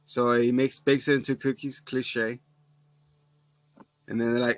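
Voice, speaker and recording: A man's voice: medium pitch, level tone, unhurried, dry recording, faint music behind. A man co-hosting a podcast, casually rambling through scene recaps and acting out quotes. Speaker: podcast co-host. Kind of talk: casual chat.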